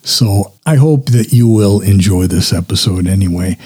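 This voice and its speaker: A man's voice: low-pitched, normal speed, darkish tone, slightly rough. A man hosting his own podcast, chatting casually and self-deprecatingly, swearing now and then. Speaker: podcast host. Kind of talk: casual solo podcast talk.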